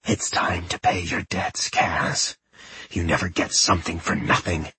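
A cold young gang boss speaks in short, hard-edged bursts, voiced by a male narrator. The voice is husky and breathy, set slightly low, and the delivery stays unhurried. It sounds like an audiobook recorded dry and close. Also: level tone, bright, forceful tone, no room sound, heavily acted. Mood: curt.

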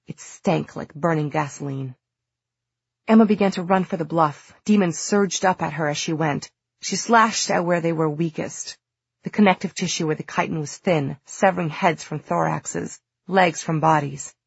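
A woman narrating an audiobook in a steady, measured storytelling manner. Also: low-pitched, creaky, husky, no echo, lo-fi sound.

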